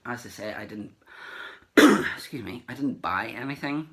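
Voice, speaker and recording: A man's voice: medium pitch, lively intonation, unhurried, pushed and bright. A man vlogging casually about meeting celebrities at a comic convention, rambling with fillers and acting out the remembered exchanges. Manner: rambling, acts out remembered dialogue. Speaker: collector vlogger. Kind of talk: casual anecdotal recap.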